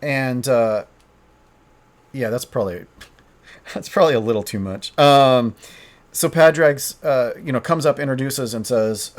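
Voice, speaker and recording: Man, solo tabletop game narration, hesitant, thinking aloud, casual. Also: mid-range voice. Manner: halting, hesitant, frequent restarts.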